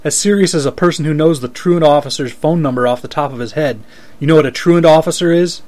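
A man reading a story aloud and voicing a blunt, teasing middle-aged neighbor who makes deadpan threats. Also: fairly high pitch, quick pace, natural voice.

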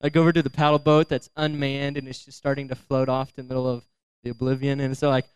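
Animated young man telling a story. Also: mid-range voice, quick pace, clean tone. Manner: animated storyteller acting out voices, laughing. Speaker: youth speaker. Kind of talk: storytelling sermon.

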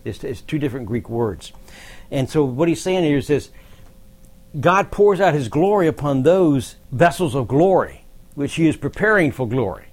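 A man teaching a Bible study, explaining verses in a conversational way with asides to the group. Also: a little high. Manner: conversational, explanatory, occasional laughs.

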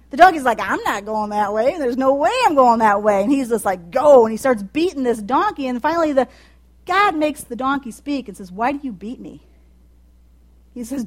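A woman preaching a sermon in a conversational way, dropping soft and low, then building to loud, high emphatic passages with asides to her listeners.

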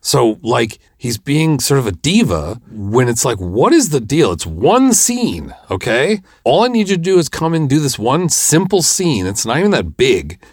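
A man's voice: medium pitch, big pitch swings, moderate pace, few pauses, breathy edge, no room sound, studio quality. A man hosting a podcast, telling a story in a rambling, exasperated way with lots of fillers. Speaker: podcast host and filmmaker. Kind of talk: casual storytelling monologue.

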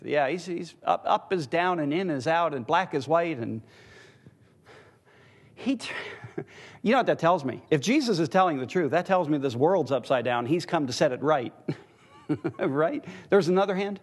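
A man's voice: high-pitched, animated, normal speed, long pauses, husky. A man teaching a Bible class in a church, teasing and quizzing the people in the room with a chuckle.

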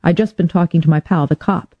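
A woman reading a first-person hardboiled detective story with wry, deadpan delivery. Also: fairly low pitch, quick pace, dry recording. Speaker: audiobook narrator. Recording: dull, dry lo-fi recording.

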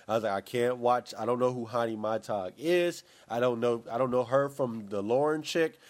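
A man's voice: medium pitch, moderate pace. Rambling opinionated man chatting. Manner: rambling, restarts often, opinionated. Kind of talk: casual chat.

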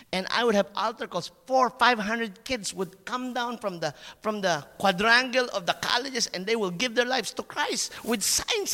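A man preaching a sermon as a pastor, telling a personal story in an animated way, laughing at himself and stumbling over restarts. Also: high-pitched, big-room sound.

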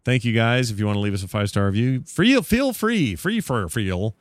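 Joking low-voiced male podcast host. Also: quick pace, no room sound, clean studio sound. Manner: jokey, rambling, corrects himself. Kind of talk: casual podcast chat.

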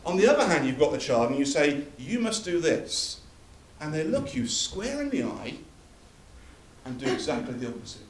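In a distant, echoing church hall recording, a man preaches emphatically, building his sermon on repeated phrases. His voice runs on the high side, brisk and sing-song, with a little hiss or hum.

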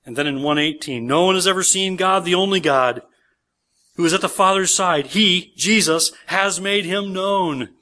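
A man's voice: high-pitched, normal speed, sharp tone. A man, a pastor, preaching a sermon in church, reading scripture aloud with emphasis and explaining it verse by verse.

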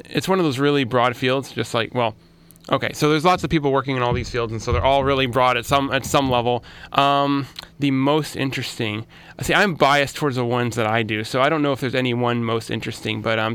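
A man's voice: mid-range voice, a bit bright, clear, resonant tone. A man with a Californian American accent, a guest mathematician explaining his field casually, with many restarts and fillers in a radio studio. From Los Angeles. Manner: chatty, self-deprecating, frequent restarts and "um"s.

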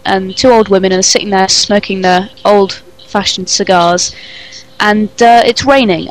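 A woman's voice: medium pitch, low-quality recording. A woman co-hosting a podcast, chatting casually, teasing and giggling as she tells jokes. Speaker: podcast co-host. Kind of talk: casual chat telling jokes.

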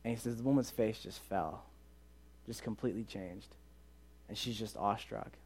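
A man's voice: on the low side, moderate pace, slightly rough. A young man leading a youth ministry, telling a story in a sermon and acting out the voices of the people in it. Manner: animated, acts out quoted dialogue in the story.

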